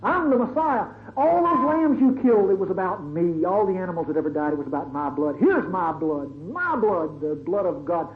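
A solemn divine savior proclaims to the dead, as a male preacher puts him on, in a high voice that swells with emphasis. The recording is thin and phone-like, with a soft hiss. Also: expressive, moderate pace, hardly any pauses. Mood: proclaiming. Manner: solemn, declaiming.

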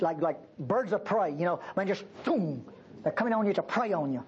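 A woman's voice: fairly low pitch, animated, fairly quick, a little mellow, lo-fi sound, slight background noise. A woman preacher giving an emphatic, folksy sermon in a church.

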